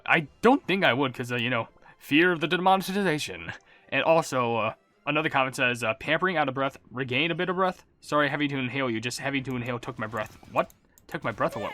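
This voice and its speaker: A man casually reading out viewer comments as a gaming YouTuber, rambling and self-mocking, relaxed as if he just woke up. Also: medium pitch, no echo. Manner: rambling, self-mocking, swaps swear words for silly substitutes; relaxed and laid-back.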